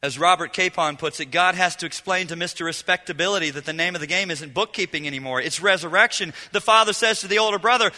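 A male pastor preaching a sermon, swinging dramatically from loud, lively lines to hushed ones. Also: high voice, fast talker, hardly any pauses, long reverb tail. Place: church hall.

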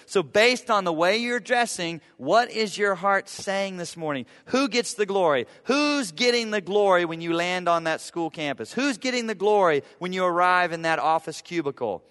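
A male pastor delivering a conversational, emphatic sermon with humor and repetition. His voice sits a little high for a man. Long church-hall reverb trails each phrase. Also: expressive, normal speed, few pauses, a bit bright. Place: church sanctuary.

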